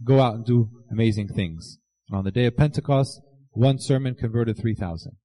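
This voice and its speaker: A man delivers a sermon in a warm, mellow voice. He speaks earnestly and addresses his listeners directly, slowing down to quote scripture and the saints. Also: medium pitch, low-quality recording. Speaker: preacher.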